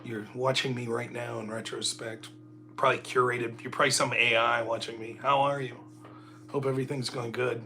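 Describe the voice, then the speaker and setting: A man's voice: mid-range voice, little pitch movement, normal speed, gravelly, bright, forceful tone, a little hiss or hum. A middle-aged man hosting a casual solo livestream, rambling and joking at his own expense. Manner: joking, rambling, self-mocking. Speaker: livestream host.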